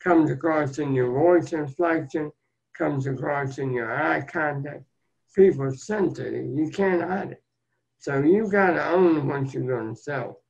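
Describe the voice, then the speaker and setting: Gravelly older man, folksy storyteller. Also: fairly high pitch, unhurried, darkish tone. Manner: folksy, earnest, plain-spoken storyteller. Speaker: guest, motivational speaker. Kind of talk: storytelling interview talk. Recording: dull lo-fi sound.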